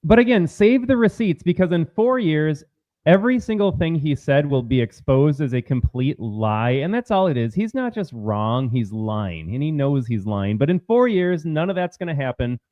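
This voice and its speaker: A man's voice: a little high, animated, normal speed, dark tone, dry recording. Sarcastic man on a dull dry mic. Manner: sarcastic, scornful. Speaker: political talk show host. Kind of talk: casual commentary.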